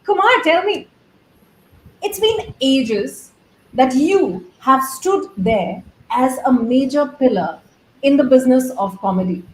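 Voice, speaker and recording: A woman's voice: sits high, lively intonation, slow, darkish tone, echoey room, poor audio. A woman hosting a talk show interview, chatty, effusive and playful as she introduces and questions her guest. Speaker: host.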